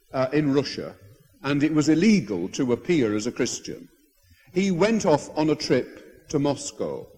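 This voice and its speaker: A man preaching a sermon as a bishop, telling stories in an animated way with hesitant restarts. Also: fairly high pitch. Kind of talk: sermon storytelling. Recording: husky voice in a long-reverb hall.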